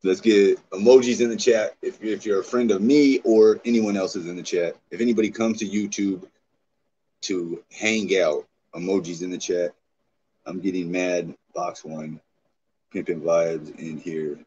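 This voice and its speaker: Brief: man, very low voice, excitable profane streamer bantering with chat, dull lo-fi audio with faint hiss. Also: moderate pace. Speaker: livestreamer. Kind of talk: casual livestream chat.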